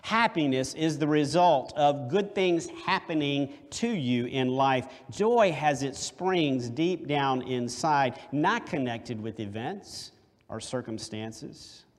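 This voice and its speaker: A man preaching a sermon, deliberate and emphatic, with rhetorical questions. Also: mid-range voice, animated. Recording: long hall reverb.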